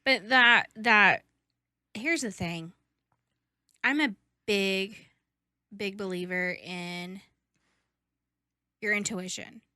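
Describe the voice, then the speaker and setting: Young woman, bright and chatty podcast co-host, emphatic, dry close sound. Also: medium pitch, drawn-out words, pauses often, clear, resonant tone, no echo. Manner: chatty, emphatic, swears casually. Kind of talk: casual chat.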